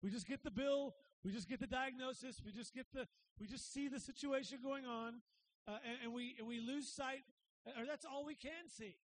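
High-voiced energetic pastor preaching. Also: male voice, normal speed, a little hiss or hum, rough recording. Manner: energetic, swings from shouts to quiet asides; conversational, says "right?" often. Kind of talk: sermon.

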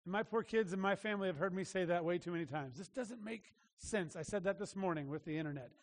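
A man's voice: high-pitched, racing. A man preaching a sermon as a pastor, earnest and emphatic, often restarting his phrases. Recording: long reverb of a large hall.

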